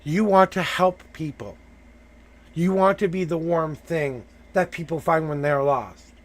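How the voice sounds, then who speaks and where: A man's voice: on the high side, a little slow. A man hosting a live tarot reading, coaching the person he reads for with emphatic, repeated affirmations.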